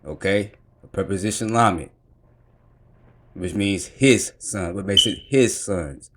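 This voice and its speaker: A man's voice: sits low, takes it slowly, noisy background. A man explaining Hebrew grammar emphatically, pointing out each detail step by step.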